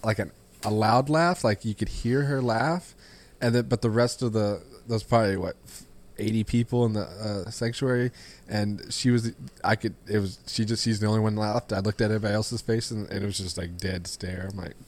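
Halting, rambling male podcast co-host. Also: lowish voice, fairly even intonation, darkish tone. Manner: rambling, halting, self-deprecating. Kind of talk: casual podcast chat.

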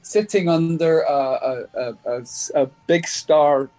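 Slow-talking Scottish man, dry sound. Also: fairly high pitch, dark tone, dry recording, soft background music. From Scotland. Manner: unhurried, halting, good-humoured. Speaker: musician guest. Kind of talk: casual remote interview. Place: record company office.

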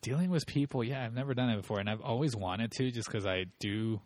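A man's voice: lowish voice, quick pace, no room sound. A man telling rambling, profane work stories in casual chat. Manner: profane, rambling, animated storytelling.

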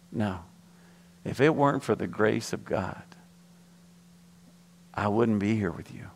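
A middle-aged man preaching a sermon as pastor, telling humorous stories with laughter and then dropping low and soft for earnest points. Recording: long hall reverb.

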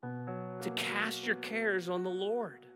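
A man preaching a sermon as pastor, animated as he acts out Bible scenes and dropping soft when leading prayer. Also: sits high, slow pace, music in the background.

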